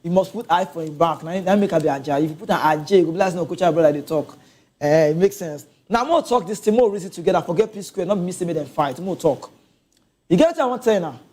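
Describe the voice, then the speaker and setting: A man with a Nigerian Pidgin accent giving a casual, animated football rant, laughing and talking straight to his viewers. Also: high voice, quick pace. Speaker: football commentator.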